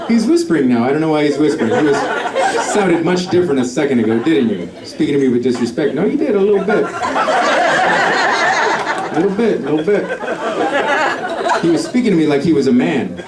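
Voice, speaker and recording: A middle-aged man performing a stand-up comedy set, telling a story and acting out quotes with sudden loud shifts. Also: on the high side, very animated, fairly quick, long pauses, distant mic, very noisy. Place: comedy club stage with a laughing audience. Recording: echoey live club audio with crowd laughter.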